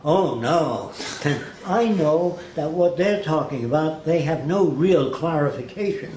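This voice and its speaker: A man's voice: on the high side, unhurried. Man telling stories in an echoey room. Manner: lively storyteller who acts out quoted people. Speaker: interview guest. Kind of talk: anecdotal storytelling. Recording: echoey room with faint hiss.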